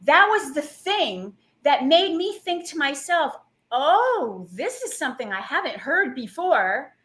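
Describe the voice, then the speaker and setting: A woman guest, a plant-based health coach, telling a personal story in an interview in a lively, animated way with many fillers. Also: sits high, slow pace. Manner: animated storytelling with lots of "like" and acted quotes.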